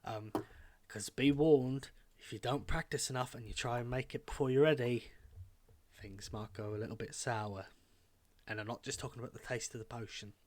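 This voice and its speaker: A man's voice: mid-range voice, fairly even intonation, normal speed, no room sound, close to an everyday voice. A man voicing a blunt, matter-of-fact woman who runs a potion shop. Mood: warning. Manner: matter-of-fact, dry and frank.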